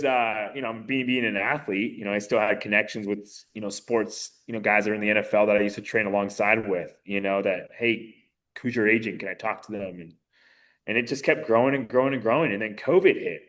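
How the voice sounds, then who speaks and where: A man in his thirties, a podcast guest, telling his story in a casual, animated way with many fillers. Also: fairly low pitch, fairly quick. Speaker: podcast guest, mayoral candidate.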